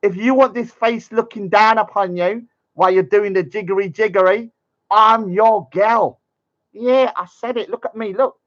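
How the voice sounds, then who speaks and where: A man's voice: high voice, normal speed, a bit bright, muffled recording. A man voicing a boastful, taunting young man in a sing-song mocking voice.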